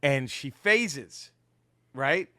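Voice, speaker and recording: A man co-hosting a casual podcast, retelling comic book plots in an animated, profane way with lots of restarts. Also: mid-range voice, drawn-out words. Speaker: podcast co-host.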